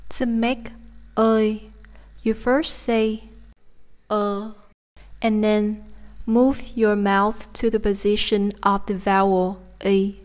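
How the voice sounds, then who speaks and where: A woman's voice: medium pitch, steady tone, takes it slowly, darkish tone. A woman with a Southern Vietnamese accent teaching a pronunciation lesson, carefully demonstrating each sound. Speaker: language teacher.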